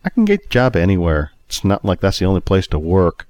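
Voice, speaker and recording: A man's voice: deep voice, huge pitch swings, brisk, a little mellow, dry recording. A man voicing a friendly, easygoing young bakery worker. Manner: friendly, casual, cheerful.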